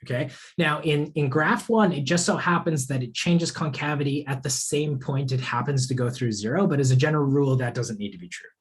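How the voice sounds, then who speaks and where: A man's voice: mid-range voice, fairly quick, hardly any pauses. A young man teaching a live online math lesson in a casual way, answering student questions as he works through problems. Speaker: course instructor.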